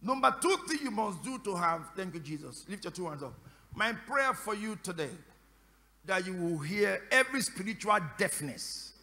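A man preaching to a congregation in a high, bright, forceful voice that rings through a reverberant church hall. He fires repeated questions at the room, waits for answers, and at times breaks into shouted prayer. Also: expressive, normal speed. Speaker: pastor. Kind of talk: sermon. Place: church service.

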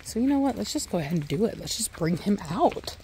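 A woman's voice: mid-range voice, big pitch swings, fast talker. Chatty woman breeder vlogging from the kennel, lots of ums, barking dogs and a bit of hiss behind her. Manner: rambling, with many ums and restarts; breaks off into sharp commands to dogs. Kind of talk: casual vlog chat. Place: kennel area with several dogs. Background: dogs barking and moving.

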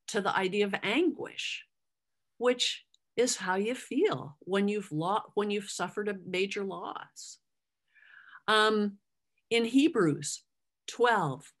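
A middle-aged woman teaching from the Bible at an unhurried pace. She talks in a conversational way and slips into little acted voices when she quotes people. Her pitch sits in an ordinary middle range. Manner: conversational, acts out quoted lines.

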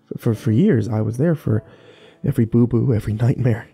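Male horror storyteller, deep mellow dark tone, wistful and unhurried, soft music underneath. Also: creaky. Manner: slow, wistful, with small restarts. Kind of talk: first-person horror story narration.

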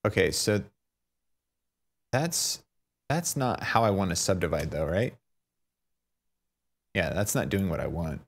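A man talking through a software tutorial, thinking aloud, fumbling and poking fun at himself. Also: low-pitched, expressive, slow pace, creaky, pauses often. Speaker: tutorial maker. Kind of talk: unscripted screen-recorded tutorial.

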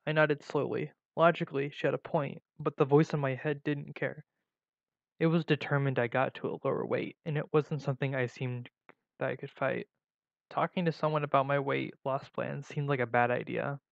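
Gravelly man reading a story. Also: medium pitch, normal speed, dry recording. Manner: plain, steady reading with small slips and restarts. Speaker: story reader. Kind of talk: reading a first-person story aloud. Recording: dull lo-fi recording.

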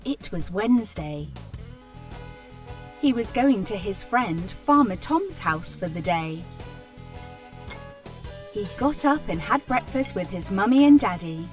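A woman reading a children's farm story aloud, plainly and clearly. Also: mid-range voice, animated. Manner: slow, clear, plain reading with animal sounds. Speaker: storybook reader. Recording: voice from a distance, music behind. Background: children's music.

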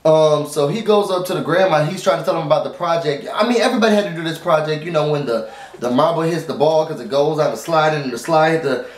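A man's voice: on the high side, quick pace, roomy sound. A man casually recapping a TV episode at home. He talks informally to his viewers and rambles, with lots of fillers and restarts. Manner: informal, addresses viewers as y'all. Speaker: TV recap vlogger. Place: at home, dog nearby.

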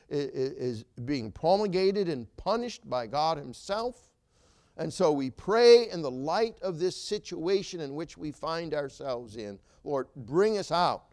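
Male pastor, sermon delivery, emphatic, somewhat higher voice, pauses with fillers. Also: a little mellow. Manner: emphatic preaching with rhetorical questions and frequent "uh" fillers. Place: church sanctuary.

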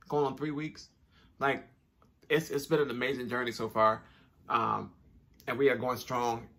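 Young male vlogger, gravelly and bright, casual chatty delivery to camera. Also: mid-range voice. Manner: chatty, upbeat, repeats phrases, informal slang. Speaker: YouTube channel host. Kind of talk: casual direct-to-camera vlog talk.

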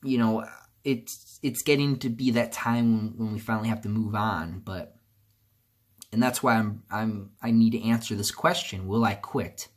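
A man talking on his own channel in a rambling, emotional vlog monologue, full of restarts and fillers, dropping low and quiet, then bursting out loud. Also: moderate pace. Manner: rambling, many restarts and fillers, swings from subdued to loud outbursts. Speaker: YouTuber.

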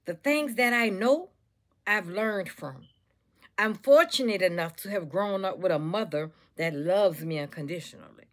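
A woman's voice: mid-range voice, normal speed. Woman, motivational speaker, preachy repetition. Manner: preachy, repetitive, calls listeners baby and y'all. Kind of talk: motivational talk to camera.

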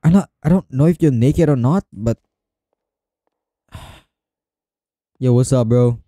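This horror-game let's play features a man with a warm, mid-range voice who speaks slowly, talking to himself and repeating phrases when nerves kick in. The sound is clean studio audio with no room sound.

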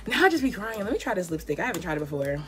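A woman's voice: mid-range voice, big pitch swings, very fast, fairly bright tone. Young woman doing a grwm at home, slangy, hyping up her viewers, faint music under. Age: young adult. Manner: chatty, slangy, encouraging. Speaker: beauty vlogger. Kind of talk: casual get-ready-with-me chat. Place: home, indoors.

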